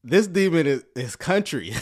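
A man casually commenting on a church video, joking and talking in a relaxed, slangy way. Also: on the high side, measured pace. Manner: laid-back, joking, Southern US slang like "y'all".

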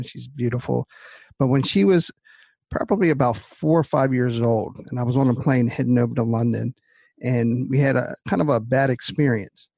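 A middle-aged man hosting a conversation, speaking in a reflective, measured way with hesitant pauses. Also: medium pitch, gravelly, darkish tone, no echo. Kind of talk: conversational interview.

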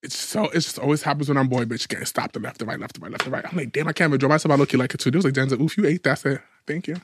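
A man's voice: mid-range voice, racing, slight background noise. A man in his twenties from New York, co-hosting a podcast and telling a story in casual gossip, acting out both sides of the conversation. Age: 20s. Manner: animated storyteller, acts out dialogue. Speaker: podcast co-host.

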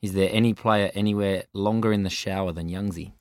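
A man's voice: sits low, fairly even intonation, a little fast, a little mellow, no echo. A man on a podcast reading out listener messages in a dry, casual way. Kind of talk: casual chat.

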